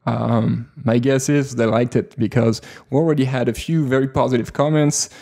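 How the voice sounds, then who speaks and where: Mellow-voiced man with a French accent. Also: medium pitch, moderate pace, creaky. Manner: relaxed, rambling with many fillers. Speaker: podcast co-host. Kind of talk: casual podcast chat.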